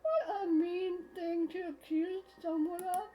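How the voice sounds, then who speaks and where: A woman's voice: very high voice, steady tone, slow, dark tone, poor audio. A woman in her twenties voicing a rattled, defensive young woman, reading a visual novel aloud in a flustered, exasperated manner. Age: 20s.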